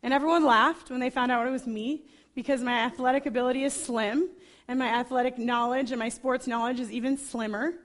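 High-voiced enthusiastic woman preacher. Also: a little fast. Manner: enthusiastic storytelling; chatty, lively asides. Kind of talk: sermon.

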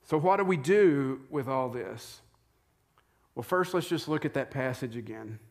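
A man's voice: medium pitch, lively intonation, unhurried. A man, a pastor, giving a conversational sermon from the pulpit and asking his listeners rhetorical questions. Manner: informal, asks the congregation rhetorical questions. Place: church, speaking from the pulpit.

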